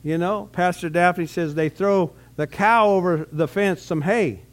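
A man preaches to his congregation, his voice sitting high for a man. He talks in a relaxed, conversational way, asking rhetorical questions and often restarting his phrases. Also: a little slow. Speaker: pastor. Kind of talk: sermon.

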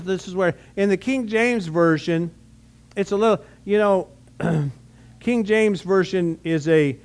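A pastor preaches a sermon to his congregation in a voice that sits high for a man. His delivery is relaxed and conversational, with rhetorical questions and frequent restarts of his phrases.

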